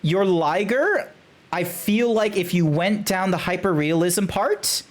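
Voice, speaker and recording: A man's voice: high-pitched, slow pace. A man streaming live, rating fan character art in a loose, rambling way, often restarting, swearing and laughing. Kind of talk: casual live-stream commentary.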